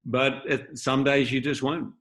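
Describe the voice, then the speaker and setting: A man's voice: medium pitch, level tone, a little slow, fairly bright tone. A man being interviewed as the patron of an acting school, telling candid, reflective anecdotes over a video call. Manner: reflective, openly shares feelings.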